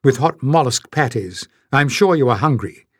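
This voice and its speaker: A man's voice: mid-range voice, expressive, moderate pace, breathy edge, no room sound, clean studio sound. A man reading an audiobook, voicing a tense woman host who chatters with forced cheer. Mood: nervously cheerful.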